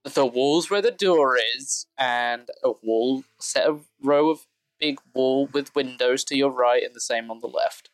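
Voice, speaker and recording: A game master narrating a tabletop role-playing game in a relaxed, matter-of-fact way. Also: medium pitch, measured pace, no echo, faint music behind, rough recording.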